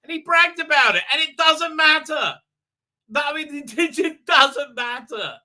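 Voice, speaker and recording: A man's voice: very high-pitched, animated, measured pace, pushed and bright. A middle-aged man hosting a casual livestream, rambling with many fillers and restarts. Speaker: livestream host.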